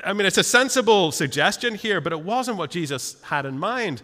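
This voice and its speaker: Animated preacher in an echoing hall. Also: male voice, high-pitched, fast, few pauses. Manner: animated storytelling with voiced asides and stammered restarts. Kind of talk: sermon. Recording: long hall reverb.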